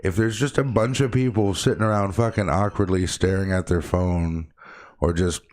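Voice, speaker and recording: A man co-hosting a podcast in casual chat, talking bluntly, swearing often and getting animated as he tells stories. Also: deep voice, moderate pace. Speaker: podcast co-host.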